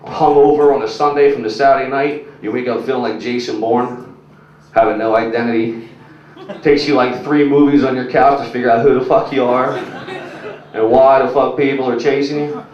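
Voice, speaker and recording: A man's voice: medium pitch, fairly even intonation, normal speed. A young man doing crude, rambling stand-up, packed with "like" and "you know". He is heard from far back in an echoey club, and the recording is muffled, with faint noise under it. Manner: crude, rambling, filler-heavy delivery. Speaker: stand-up comedian. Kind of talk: stand-up set with crowd work. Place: comedy club stage.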